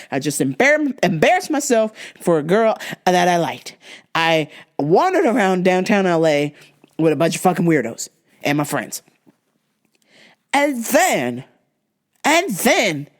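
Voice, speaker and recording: A young woman hosting a podcast, telling a story in a profane, animated rant. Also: medium pitch. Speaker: podcast host. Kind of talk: casual storytelling monologue.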